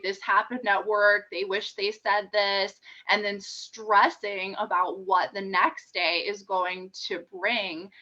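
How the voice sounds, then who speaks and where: A woman Reiki practitioner being interviewed, explaining her sessions in a calm, steady way. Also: mid-range voice, highs cut off. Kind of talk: casual interview talk.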